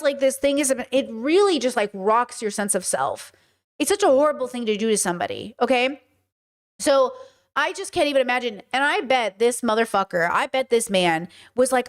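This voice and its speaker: A woman's voice: a little high, sing-song, moderate pace. A woman streamer reacting to news clips, talking indignantly and animatedly and mimicking other people. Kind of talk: casual reaction commentary.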